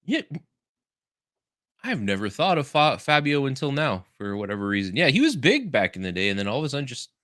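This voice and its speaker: A man's voice: mid-range voice, big pitch swings, fairly quick, a bit bright, no room sound, studio quality. A man who just woke up, chatting casually as co-host in an easygoing way. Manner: sleepy, easygoing. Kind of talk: casual chat.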